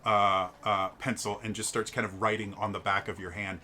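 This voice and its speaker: A game master narrating a tabletop game in a casual, halting way. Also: sits low, flat delivery, sharp tone.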